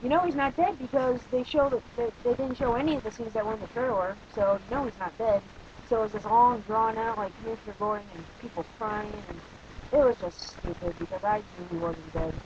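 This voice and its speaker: A man's voice: high-pitched, brisk, a little mellow, dull audio, a little hiss or hum. A young man giving a casual, opinionated spoken movie review, rambling with frequent restarts and fillers.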